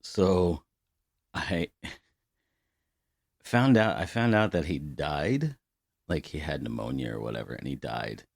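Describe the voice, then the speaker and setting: A man's voice: very deep voice, lively intonation, moderate pace, gravelly, dry recording, studio quality. A middle-aged man co-hosting a podcast, telling loose, profane stories with plenty of laughter. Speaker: podcast co-host. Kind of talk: casual podcast chat.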